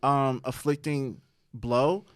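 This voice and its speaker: A man on a podcast chatting casually, agreeable and relaxed, with a lot of slang. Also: medium pitch, slow pace, smooth, no room sound, studio quality. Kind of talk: casual chat.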